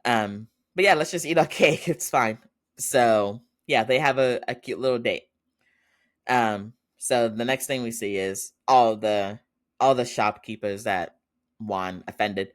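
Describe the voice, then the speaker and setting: A man's voice: mid-range voice, unhurried. A man hosting a podcast, chatting casually through an episode recap with lots of fillers and frequent laughs. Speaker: podcast host.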